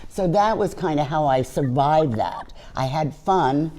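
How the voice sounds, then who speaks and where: A woman's voice: low-pitched, unhurried, very noisy. An older woman, a chef, telling brash, profane stories in a casual interview. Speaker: guest chef.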